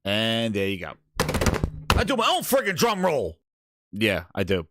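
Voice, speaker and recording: A man's voice: fairly low pitch, wildly swooping pitch, a little slow, background noise. A man hosting a gaming channel, doing crude, joking commentary.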